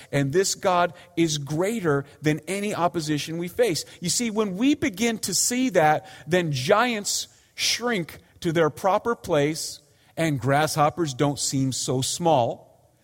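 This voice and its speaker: A man delivers a sermon in a fairly high voice, earnestly pleading with his listeners and lifting and dropping his voice for emphasis. The long reverb of a church hall trails after his words. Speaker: pastor.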